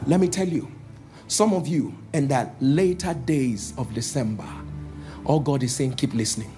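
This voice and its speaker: A man preaching a sermon as pastor, calling out to the congregation and slowing down for emphatic lines. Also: medium pitch, music in the background. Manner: calls out to the congregation, shifting between loud exhortation and slow emphatic lines.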